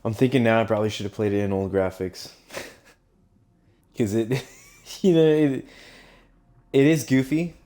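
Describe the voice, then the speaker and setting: A man's voice: fairly low pitch, measured pace, pauses often, dark tone. A young man gushing and swearing through casual commentary while streaming a video game, laughing often. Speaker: gaming streamer. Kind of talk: casual let's-play commentary.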